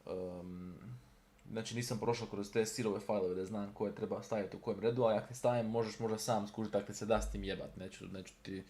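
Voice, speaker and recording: Man, lowish voice, casual livestream chat, rambling, pauses to think. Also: steady tone, dark tone. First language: Croatian. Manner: loose and rambling, thinking aloud with many pauses. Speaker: livestream host.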